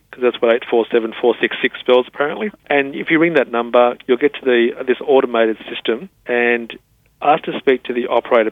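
A man, a technology specialist explaining things patiently and spelling words out slowly in an interview. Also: medium pitch, no echo. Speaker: assistive technology specialist guest. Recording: tinny phone-line sound.

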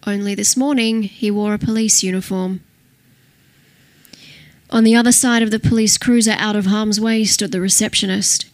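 Woman, audiobook narrator, steady scripted reading, dry close-miked sound. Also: mid-range voice, moderate pace, no room sound.

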